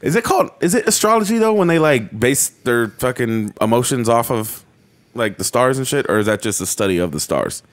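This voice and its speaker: A man's voice: medium pitch, lively intonation, fairly quick. A young man co-hosting a casual podcast, joking and swearing in a laid-back way. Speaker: podcast co-host. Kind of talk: casual chat.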